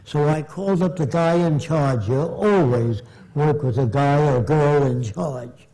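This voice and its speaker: A man's voice: fairly high pitch, unhurried, dark tone, rough recording. An older man giving a lecture answer full of anecdotes, blunt and storytelling, acting out the people he quotes.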